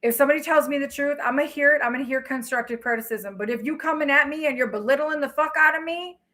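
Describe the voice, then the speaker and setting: A woman's voice: sits high, fast, bright, forceful tone, poor audio. Blunt, profane woman tarot reader. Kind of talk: casual livestream talk.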